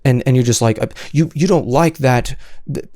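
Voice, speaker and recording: A man's voice: mid-range voice, normal speed, warm tone, dry recording, studio quality. A man hosting solo commentary, answering comments in an exasperated, sarcastic way with many stammered restarts.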